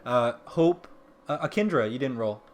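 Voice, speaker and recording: A man narrating as game master of a tabletop game, often pausing with ums and restarting sentences. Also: mid-range voice, animated, a little hiss or hum. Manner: hesitant, full of ums and restarts. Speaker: dungeon master.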